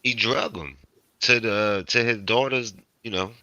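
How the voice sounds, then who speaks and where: A man's voice: fairly low pitch, unhurried, bright, forceful tone, no room sound, dull audio. A man co-hosting a casual livestream, animatedly recapping scenes from a show. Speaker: co-host.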